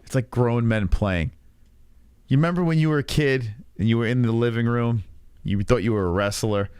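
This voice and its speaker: A man's voice: medium pitch, normal speed, a little mellow, clean tone, dry recording, studio quality. A man in his thirties hosting a casual reaction stream, rambling with profane sarcasm. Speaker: podcast host.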